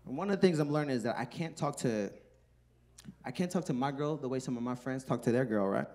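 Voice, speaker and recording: Male stand-up comic, animated and profane, handheld mic on stage. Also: medium pitch, fast talker. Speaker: comedian. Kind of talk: stand-up comedy. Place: live comedy stage.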